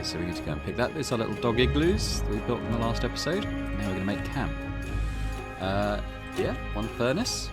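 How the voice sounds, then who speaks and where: A man hosting a let's play at home, thinking aloud in a relaxed way with many fillers. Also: on the low side, fairly quick. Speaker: gaming channel host. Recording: game music behind.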